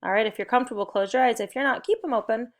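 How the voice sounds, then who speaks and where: Speaking rapid-fire in a slightly high voice, a young woman teacher leads young kids through a recorded spelling and phonics lesson with upbeat, encouraging call-and-response.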